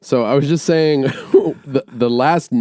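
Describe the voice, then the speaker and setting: A man's voice: mid-range voice, slow, no room sound, studio quality. A man co-hosting a podcast, chatting and joking with a lot of laughter. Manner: laughing, joking, lively banter. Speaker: podcast co-host. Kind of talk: casual podcast banter.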